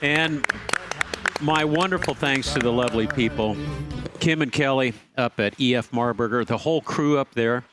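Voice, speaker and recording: A man's voice: mid-range voice, moderate pace, fairly bright tone, soft background music. A man hosting a radio garden show in a studio, chatting casually and quizzing his co-host with a teasing manner. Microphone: studio microphone.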